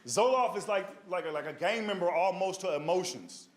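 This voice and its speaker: A man's voice: high-pitched, expressive, fairly quick. A male stand-up comedian telling rambling stories in a streetwise way on stage, with a handheld mic. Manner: streetwise, rambling, asks the crowd "you know what I mean". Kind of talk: stand-up storytelling. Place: comedy stage before a live audience. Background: audience laughter.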